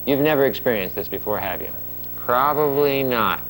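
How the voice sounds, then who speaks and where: A man working as a children's portrait photographer, coaxing a little girl with playful, hushed talk and sing-song humming. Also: mid-range voice, expressive, moderate pace, a loud crowd, low-quality recording.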